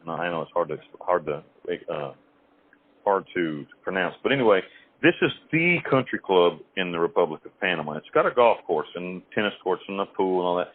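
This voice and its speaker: A man on a tinny, phone-like line, telling his own stories in a low, husky voice. He rambles along with restarts and quick acted-out quotes. The sound is dry and close. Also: expressive. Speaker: interview guest.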